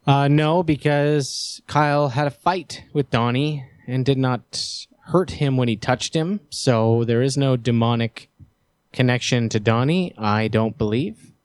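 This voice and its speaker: A man's voice: medium pitch, unhurried, clean tone, dry recording. A man with a mid-range voice hosts a casual podcast, recorded close and dry. He steers the chat and sometimes plays it mock-stern. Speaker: podcast host.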